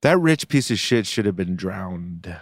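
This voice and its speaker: A man's voice: low-pitched, lively intonation, measured pace, dry recording, studio quality. A man co-hosting a casual podcast, talking bluntly and with heavy swearing. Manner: blunt and profane, worked up. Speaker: podcast co-host. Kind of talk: casual chat.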